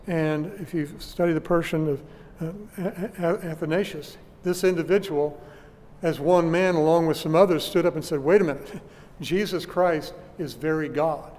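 A man preaching a sermon, teaching church history deliberately with frequent restarts, recorded in a church hall. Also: on the high side, fairly even intonation, a little mellow. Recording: long hall reverb.

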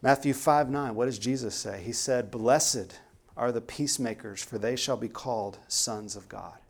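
A man's voice: mid-range voice, normal speed, gravelly. A man preaching a sermon in an earnest, emphatic way, pressing hard on key words.

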